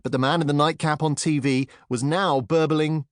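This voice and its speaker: This is a man's expressive, scripted storytelling for a children's audiobook. His voice is on the high side at a normal pace, recorded dry with studio quality.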